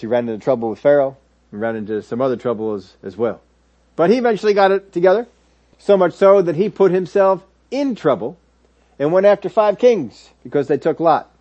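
Man, preacher, sermon, acts out characters' lines, slightly high voice, muffled recording. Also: dark tone. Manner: storytelling, acts out biblical figures' words. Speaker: pastor. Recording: dull lo-fi audio.

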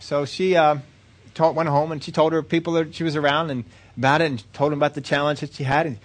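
A man preaching, telling a story in an earnest, repetitive way that builds in excitement. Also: on the high side, fast. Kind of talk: sermon storytelling.

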